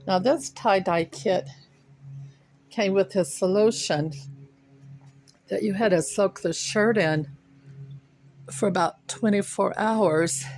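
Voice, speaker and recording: A woman's voice: fairly low pitch, a little hiss or hum. An older woman, chatting in a rambling way while out of breath, sitting outside her home. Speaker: vlogger. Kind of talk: casual chat.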